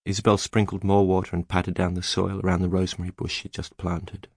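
Deep guy reading an audiobook, measured and even, dry close studio sound. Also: breathy edge, dry recording. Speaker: audiobook narrator. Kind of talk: scripted narration.

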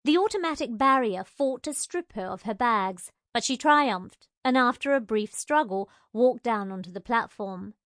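A woman reads a novel aloud in a measured, gently wry way. Her voice sits a little on the high side. The recording is dry and close, with no room echo. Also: expressive. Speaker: audiobook narrator. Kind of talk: scripted narration.

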